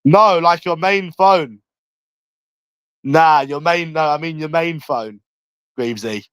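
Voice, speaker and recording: A brash man with a London accent rambles through a casual live stream from his room at home, swearing freely. His voice sits somewhat high for a man. The sound is dry and close, with no room echo. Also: slow pace, a bit bright, clean tone.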